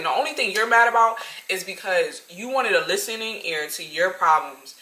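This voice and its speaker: A woman in her twenties telling a storytime vlog, slangy and animated, talking straight to her viewers. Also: medium pitch, moderate pace, echoey room, poor audio. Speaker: vlogger.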